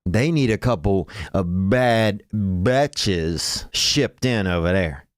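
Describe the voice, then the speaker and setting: A man's voice: low-pitched, expressive, takes it slowly, no echo, clean studio sound. A man doing a blunt stand-up bit with hesitant buildup.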